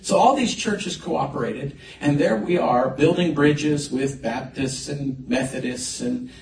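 Storytelling pastor in an echoey hall. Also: male voice, a little high, a little slow. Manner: animated storyteller, lively swings in loudness. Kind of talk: sermon storytelling. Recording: echoey hall mic from a distance.

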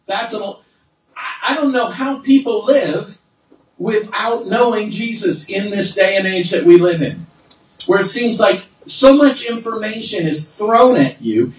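A middle-aged man preaching a sermon, swinging between low asides and loud, high exclamations. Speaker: pastor. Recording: roomy sound from far off.

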